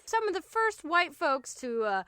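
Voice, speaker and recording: A woman's voice: very high-pitched, big pitch swings, dry recording. A woman co-hosting a podcast, chatting casually and joking about word history. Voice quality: bright, joking, quick to laugh. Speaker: podcast co-host. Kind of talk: casual comedic chat.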